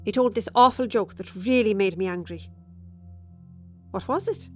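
A woman's voice: mid-range voice, normal speed, darkish tone, faint music behind, close to an everyday voice. A woman performing a dramatic monologue as a chatty, tipsy Irish widow who confides over dinner, with sudden flashes of resentment. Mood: confiding. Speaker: storyteller.

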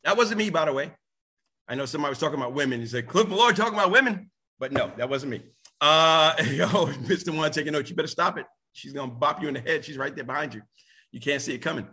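A man giving a live motivational talk to an audience, energetic and rambling, with many restarts and sudden excited outbursts. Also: quick pace, husky. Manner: energetic, jumps to high excited shouts. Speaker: motivational speaker.

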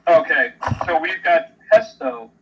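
A man's voice: a little high, expressive, a little slow, gravelly, slightly rough, lo-fi sound. A young man co-hosting a casual chat, blunt and emphatic in his opinions. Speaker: podcast co-host.

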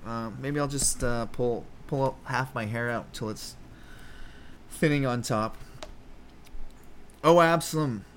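A man's voice: mid-range voice, fairly even intonation, measured pace, a little hiss or hum. A man hosting a comedy podcast, chatting casually and rambling with lots of swearing and restarts. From Canada. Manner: profane, rambling, self-interrupting. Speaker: podcast host. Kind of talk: casual comedic Bible commentary.

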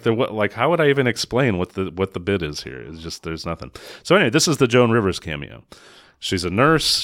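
A man's voice: lowish voice, a bit bright, no echo, studio quality. A man co-hosting a casual movie-review podcast, recapping the plot with sarcastic exasperation. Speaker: podcast co-host.

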